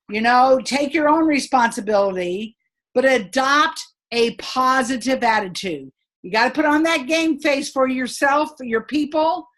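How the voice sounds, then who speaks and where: A middle-aged woman giving an upbeat, emphatic motivational training talk to her sales team, chatty and quick to laugh. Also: high voice, fairly bright tone. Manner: laughs between points.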